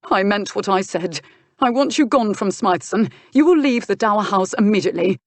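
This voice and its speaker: A woman voicing a jealous, hot-headed young duke in an audiobook, shouting and sneering in outbursts. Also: mid-range voice, lively intonation, normal speed, dry recording, pitched above the performer's own voice, lightly acted. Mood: angry. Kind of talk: audiobook character voice.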